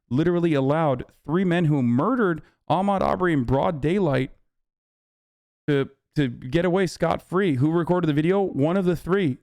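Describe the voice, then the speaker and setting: A young man commenting on a livestream, heated and profane, his voice hoarse from screaming the night before. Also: fairly high pitch, a little mellow, no echo, clean studio sound. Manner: heated, profane, restarts often. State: hoarse, lost voice. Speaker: livestream host.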